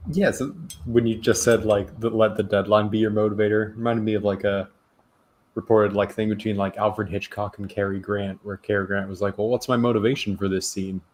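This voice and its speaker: A man's voice: on the low side, flat delivery, a little fast, a little mellow, slight background noise. A man teaching artist chatting casually, musing aloud and trailing off into fillers as he thinks. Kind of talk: casual chat while working.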